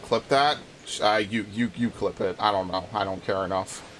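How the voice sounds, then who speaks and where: A man's voice: fairly low pitch, moderate pace, a bit bright, slight background noise. A man streaming a video game, chatting casually in a rambling, frustrated way, swearing often and restarting his sentences. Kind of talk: casual live-stream chat while playing.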